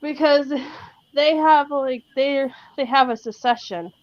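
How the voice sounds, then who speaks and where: High-voiced woman, dry lo-fi sound. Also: unhurried, no echo. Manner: gossipy, tells anecdotes with giggles. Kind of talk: casual chat.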